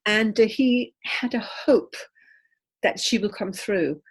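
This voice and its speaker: An older woman, a medium, telling animated stories with laughter in a conversational interview, her English slightly non-native in phrasing. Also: mid-range voice, slow, breathy edge. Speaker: spiritual medium, guest.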